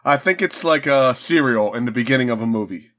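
A man's voice: medium pitch, brisk, fairly bright tone. A man co-hosting a casual podcast, joking around and laughing often. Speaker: podcast co-host. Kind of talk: casual chat.

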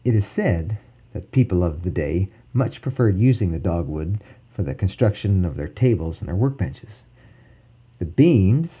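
Man, low deep voice, very mellow, solemn measured storyteller, lo-fi muffled sound, faint birds behind. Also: slightly rough. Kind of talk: scripted narration of a legend. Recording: dull lo-fi recording with faint birdsong.

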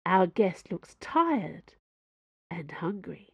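A woman voicing a calm, politely firm and formal woman cardinal in an audiobook. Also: fairly low pitch, drawn-out words, gravelly, husky, no echo, dull audio, heavily acted. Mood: serene.

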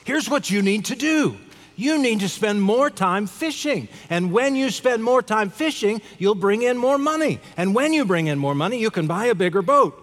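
A man's voice: sits high, animated, normal speed, a bit bright, pitched above the performer's own voice. A man voicing a brash, pushy American tourist who lectures eagerly about getting rich. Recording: long hall reverb.

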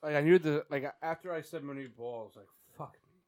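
A man joining a sports podcast chat, animated and mocking himself. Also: on the high side, fast talker. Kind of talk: casual podcast banter.

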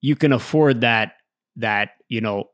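A man's voice: mid-range voice, measured pace, a bit bright, no room sound, studio quality. A man co-hosting a casual debate podcast, explaining his views at length and often checking in with "right?". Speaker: podcast co-host.

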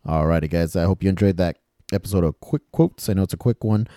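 A man's voice: low voice, fast talker, mellow, no echo, clean studio sound. A man hosting a podcast, chatting casually and rambling a little, in laid-back slang. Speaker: podcast host. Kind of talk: casual movie chat.

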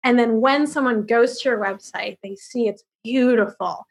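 A bright, high-pitched woman in her thirties answers interview questions with upbeat energy. She tells her story briskly, with quick asides and frequent light laughter. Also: creaky, breathy edge. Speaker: marketing firm founder, podcast guest.

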